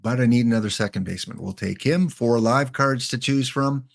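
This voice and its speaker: Gravelly and fairly quick, this medium-pitched man is commentating live on his own gameplay. He talks himself through picking player cards, mutters names, and tosses chatty comments to the people watching.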